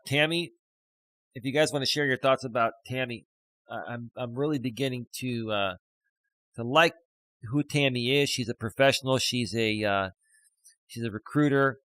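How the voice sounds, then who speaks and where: A man's voice: mid-range voice, normal speed, sharp tone, dry recording, rough recording. Middle-aged male streamer-coach, casual and rambling, reads comments aloud; dry, close recording. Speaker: live stream host, life coach. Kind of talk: casual live stream chat reading comments.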